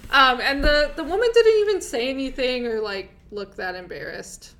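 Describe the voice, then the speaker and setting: A woman hosting a casual podcast, telling an anecdote in a relaxed, wry way with casual swearing. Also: high-pitched, moderate pace, rough recording. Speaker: podcast host. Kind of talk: casual chat.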